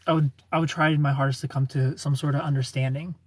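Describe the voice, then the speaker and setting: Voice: mid-range voice, steady tone, fast. A livestreamer in their thirties answering chat comments in a chatty, opinionated way and laughing often. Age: 30s.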